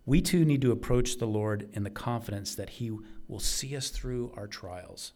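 A man's voice: medium pitch, moderate pace, darkish tone. A man preaching a sermon, earnest and emphatic, repeating key phrases for weight.

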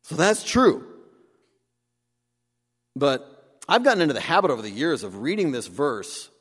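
A man preaching a sermon, animated, acting out the voices he quotes. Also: fairly high pitch, a little slow, slightly rough. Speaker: pastor. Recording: long hall reverb.

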